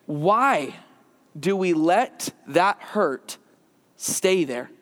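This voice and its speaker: Man pastor, high voice, slow measured delivery, church sermon, long hall reverb. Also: expressive, a bit bright. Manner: conversational preaching, slows and drops his voice for emphasis. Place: church sanctuary.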